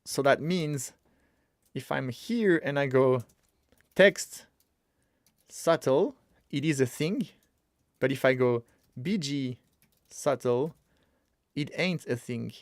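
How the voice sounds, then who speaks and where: Man hosting a casual coding stream, mid-pitched, chatty and excitable, thinks aloud, dry close mic. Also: takes it slowly, pauses often, dry recording. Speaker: streamer teaching web development.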